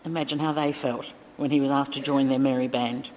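Woman preacher, low voice, casual sermon delivery, long church reverb. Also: steady tone, brisk, darkish tone, a little hiss or hum. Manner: chatty, informal, with fillers and asides.

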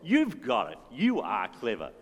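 This worship leader has a medium-pitched voice that swoops wildly, and he takes his time. Leading a service in a church hall, he jokes playfully and coaxes the congregation to participate, with faint music in the reverberant room.

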